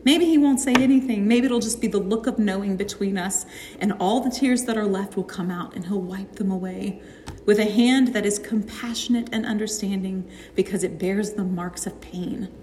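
Speaking fairly quickly in a mid-range voice, a young adult woman teaches on suffering in a sermon that is earnest, heartfelt and warmly conversational, with the odd casual aside. The recording carries slight hiss or hum and the lingering echo of a reverberant hall.

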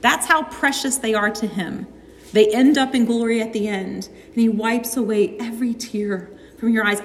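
This sermon on suffering comes from a young woman whose voice runs on the high side at an ordinary pace. She sounds sincere and heartfelt yet warm and conversational, occasionally slipping into offhand remarks, while the long reverb of an echoey hall and a faint hiss or hum color the audio.

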